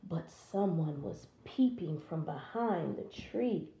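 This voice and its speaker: A woman reading a children's story aloud in a slow, expressive way. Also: sits low, roomy sound.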